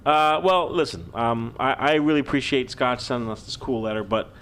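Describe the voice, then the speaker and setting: A man's voice: normal speed, slight background noise. A man co-hosting a casual podcast, joking around and reading listener letters aloud. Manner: lively, joking, reads letters aloud with animated pitch swings.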